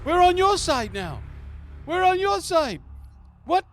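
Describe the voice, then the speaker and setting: A man voicing a crowd of panicked men yelling during a tabletop game scene. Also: extremely high pitch, sing-song, slow pace, dry recording, pitched above the performer's own voice, full character voice. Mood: frantic. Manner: yelling, frantic. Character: group of panicked men shouting in a brawl.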